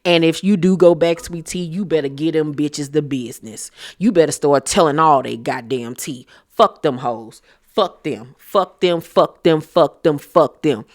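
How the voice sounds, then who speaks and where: A woman's voice: low-pitched, unhurried. A young woman recapping reality TV, talking bluntly and heatedly, swearing often. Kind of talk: profane opinionated recap chat.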